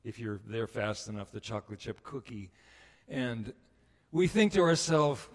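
A man preaching a sermon as a pastor, telling the story with animated delivery and acting out the voices of people he quotes. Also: mid-range voice, slow pace, long reverb tail.

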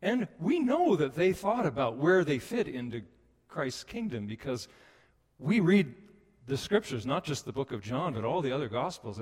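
A man preaching a sermon as a pastor, telling the story with animated delivery and acting out the voices of people he quotes. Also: fairly high pitch, long reverb tail.

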